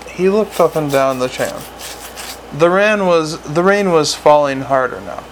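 A man's voice: a little high, lively intonation, unhurried, slight background noise, poor audio. A man reading a novel aloud as narrator, with occasional slips and restarts. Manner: reads with small slips and restarts. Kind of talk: audiobook narration.

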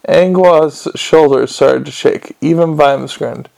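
A man narrates a comic novel in a wry, measured way. His voice sits a little high for a man and has a gravelly edge. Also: darkish tone. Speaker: audiobook narrator. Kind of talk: scripted narration.

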